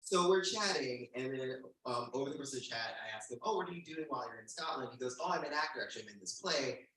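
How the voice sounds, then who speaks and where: A man in his forties from the United States, a stand-up comedian telling a profane, animated story at a live storytelling show. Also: mid-range voice, fast. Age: 40s. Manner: animated, profane, breaks into laughter. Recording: echoey room, mic at a distance.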